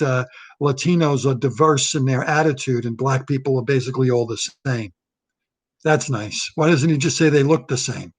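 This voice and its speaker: A man doing a solo political comedy rant, blunt and repetitive, restarting phrases as he riffs. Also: on the high side.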